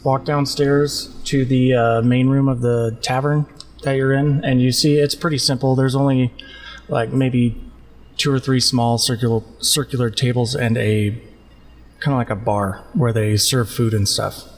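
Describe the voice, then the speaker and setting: A man running a tabletop game as game master, narrating in a relaxed, giggly way. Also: medium pitch, unhurried, big-room sound.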